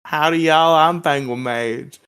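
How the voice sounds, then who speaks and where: A man's voice: on the high side, measured pace, fairly bright tone, clean tone. A man doing a twangy Southern gal. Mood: teasing. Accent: mock Southern US drawl. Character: drawling Southern woman, teasing parody of a friend.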